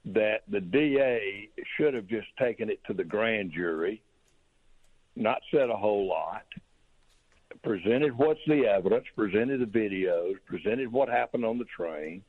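A man with a Southern US accent, a criminal defense attorney talking easily as a phone-in guest on a radio show. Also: on the low side. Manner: easygoing, drawling and folksy. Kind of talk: phone-in interview. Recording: tinny phone line.

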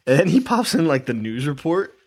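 A man's voice: a little high, very animated, a little fast, a little mellow. A man co-hosting a horror movie podcast, chatting enthusiastically and laughing often. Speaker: podcast co-host. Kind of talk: casual movie review chat.

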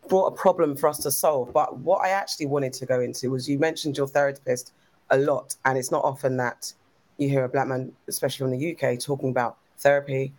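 A woman's voice: sits low, darkish tone. A woman hosting an interview who asks questions with curiosity and rephrases them as she goes. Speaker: host.

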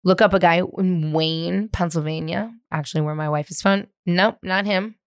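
A woman from San Francisco in her thirties talks at normal speed in a lowish voice, hosting a solo podcast from her living room and telling a tale from her teenage years. She's profane and animated, rambling along with plenty of "like." The sound is studio quality with no echo.

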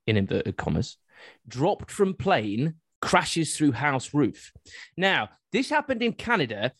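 A man hosting a casual podcast, reading odd news stories aloud with an animated, laughing delivery. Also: medium pitch, no echo, clean studio sound. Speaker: podcast host.

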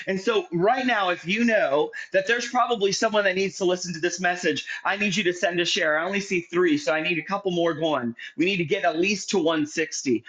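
A man with a high voice hosts a livestream interview. He talks with lively energy, urging viewers to share before he brings his guest on. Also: low-quality recording. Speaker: host.

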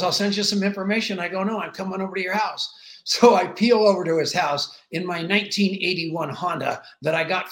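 A middle-aged man as a guest in an interview, telling his story with animated energy and acting out the dialogue. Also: fairly high pitch, creaky. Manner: animated, acts out dialogue with quick voice shifts. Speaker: podcast guest. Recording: roomy echo.

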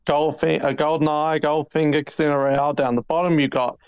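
A man co-hosting a podcast, teasing wryly in a clear, slightly high voice. His mic sounds dry and a little muffled, with no room in it. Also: flat delivery, a little fast, dry recording. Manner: teasing, wry. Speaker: podcast co-host. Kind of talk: casual chat.

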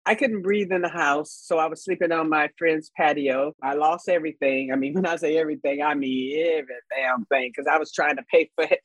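A woman in her sixties from Los Angeles, telling her life story as a podcast guest in a frank, animated way and laughing often. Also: deep voice, a little fast, few pauses, no room sound, low-quality recording. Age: 60s. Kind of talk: candid storytelling.

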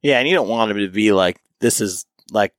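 A man's voice: on the low side, fairly quick, no echo. Filler-heavy male podcast co-host, dry sound. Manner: loose, filler-heavy, acts out quotes. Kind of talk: casual podcast chat.

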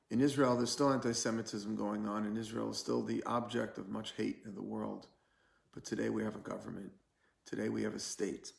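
A man's voice: fairly low pitch, gravelly, echoey room. A man, a rabbi, teaching a live-streamed Torah class, telling stories and repeating key phrases for weight.

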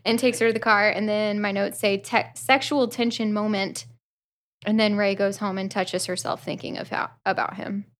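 Wry woman co-host, mid-pitched voice, self-deprecating, quick to laugh. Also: level tone. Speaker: podcast co-host. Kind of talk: casual chat recapping a book.

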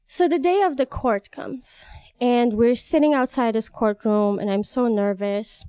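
A woman's voice: on the high side, measured pace, mellow, smooth, no echo. A young woman tells a personal story, candid and wry, often laughing between lines. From Iran. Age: young adult.

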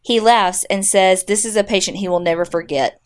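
A woman's voice: mid-range voice, a little fast, smooth. A woman co-hosting a podcast, reading listener stories aloud and chatting in a blunt, wry way. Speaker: podcast co-host.

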